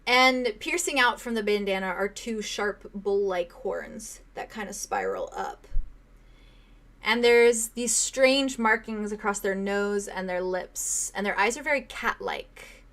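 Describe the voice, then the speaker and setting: A woman's voice: medium pitch, expressive, a little slow, a bit bright. A young woman running a tabletop game as game master, describing a scene in detail with fillers and small laughs.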